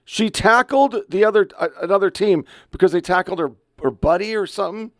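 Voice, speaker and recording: A man's voice: high-pitched, brisk, dry recording, clean studio sound. A man in his fifties hosting a podcast, reacting to online clips in a blunt, profane, emotional rant. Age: 50s. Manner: blunt, profane, heated ranting. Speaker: podcast host.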